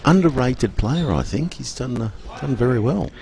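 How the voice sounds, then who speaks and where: A man calling a ball game play by play, rising to excited shouts when a goal goes in. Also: mid-range voice, moderate pace, vocal fry, a loud crowd. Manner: rises to excited shouts at goals. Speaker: play-by-play commentator. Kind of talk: live sports commentary.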